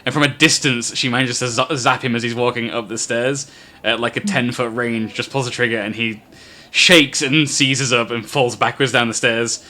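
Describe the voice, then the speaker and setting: A man's voice: medium pitch, fairly even intonation, normal speed, bright, forceful tone. A man narrating a tabletop game as game master, telling the story with frequent fillers.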